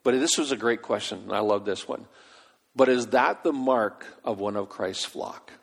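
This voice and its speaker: A man preaching a sermon, animated, acting out the voices in his stories. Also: mid-range voice, moderate pace, vocal fry, husky. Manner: animated, acts out quoted voices. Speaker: pastor. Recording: long hall reverb.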